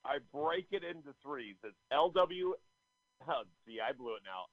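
A man's voice: a little high, lively intonation, normal speed, dry recording. A man guesting on a podcast in casual chat, laid-back and easily amused. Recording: dull dry lo-fi line.

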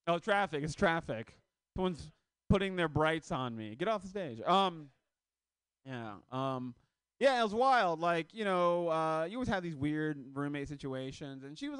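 Animated high-voiced male comic on stage. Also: clean tone, no echo. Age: 30s. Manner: loose conversational delivery with shouted punchlines. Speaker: stand-up comedian. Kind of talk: stand-up set. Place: comedy club stage.

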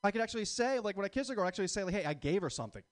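A young man in his twenties works through a stand-up set in a crude, rambling, self-mocking way. His voice sits a little high for a man, and the sound is close and dry. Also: lively intonation, rapid-fire, no echo. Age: 20s. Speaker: stand-up comic.

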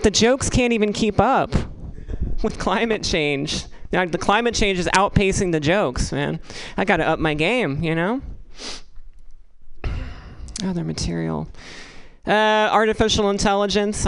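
A woman's voice: medium pitch, clear, resonant tone, low-quality recording. Rambling, crude stand-up comedian woman. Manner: rambling, halting, crude and deadpan.

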